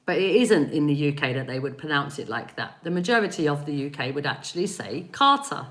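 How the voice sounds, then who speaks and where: A low-pitched, animated woman with an East London accent talks briskly on a live stream. She's a spiritual reader and energy healer, rambling, laughing, and greeting viewers by name as she answers their comments.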